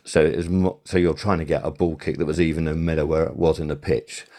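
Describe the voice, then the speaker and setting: Low, mellow-voiced older man reminiscing. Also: little pitch movement, fast. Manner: rambling, self-correcting storyteller. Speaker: interview guest, TV sound supervisor. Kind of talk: casual interview recollection.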